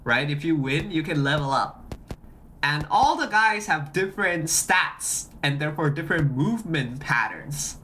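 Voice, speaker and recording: A streamer chatting casually on a live stream, excitable and often repeating phrases while greeting chat. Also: mid-range voice, measured pace, slight background noise.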